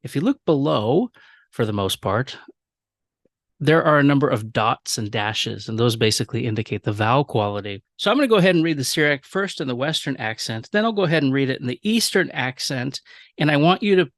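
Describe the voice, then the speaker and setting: A man explains his subject in a calm, measured lesson, often pausing on fillers and restarting phrases. His voice sits at an ordinary middle pitch. The sound is close and dry, with no room around it. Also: no room sound. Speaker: language teacher.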